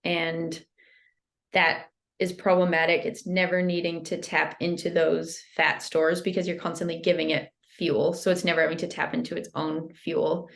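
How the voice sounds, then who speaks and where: A woman who is a guest on a podcast, explaining nutrition in a steady, casual way and often saying "like". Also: low-pitched, moderate pace, creaky. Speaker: health guest.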